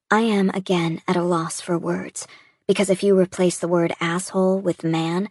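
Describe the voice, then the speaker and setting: A woman giving a reflective, measured first-person audiobook narration. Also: on the low side, fairly even intonation, darkish tone, no room sound, studio quality.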